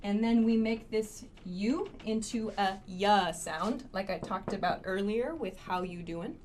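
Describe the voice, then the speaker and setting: A woman teaching spoken English phrases, modeling each one clearly and patiently and explaining it step by step. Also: medium pitch, measured pace, a little mellow, a little hiss or hum.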